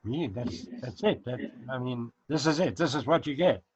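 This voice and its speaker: Male interview guest, halting and chuckly, dry dull call audio. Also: medium pitch, lively intonation, slightly rough, no room sound. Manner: halting, searching for words, chuckling. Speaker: dance DJ and former dancer, guest. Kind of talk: casual interview answers.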